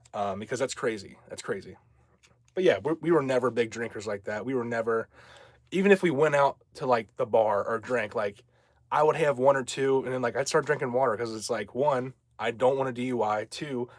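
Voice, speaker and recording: A man's voice: medium pitch, no echo. Chatty man on a dry livestream mic. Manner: rambling, chatty, answers viewer comments. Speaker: livestream host. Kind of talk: casual livestream chat.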